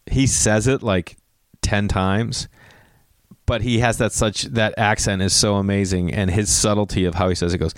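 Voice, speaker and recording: A man's voice: lowish voice, smooth, no room sound, clean studio sound. A middle-aged man hosting a podcast, rambling through a profane story with lots of digressions and acted-out quotes. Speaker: podcast host. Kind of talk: casual rambling monologue.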